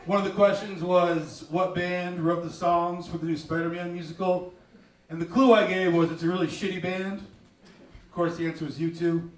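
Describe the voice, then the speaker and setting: A man doing a crude, animated stand-up comedy set, often slipping into mocking voices. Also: sits high, normal speed. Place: small theater stage. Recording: roomy, distant mic, loud crowd laughter.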